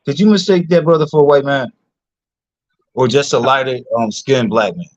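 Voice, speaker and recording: A man's voice: mid-range voice, lively intonation, moderate pace, no echo. Chatty man hosting, dull dry sound. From Philadelphia. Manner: chatty, laughs often, many fillers. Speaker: host. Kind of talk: casual live-stream chat.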